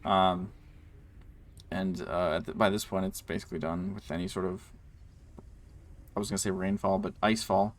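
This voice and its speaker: A man with a lowish voice narrates a tabletop game as its game master. His delivery is loose and rambling, padded with ums and likes. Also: fairly even intonation, moderate pace, long pauses.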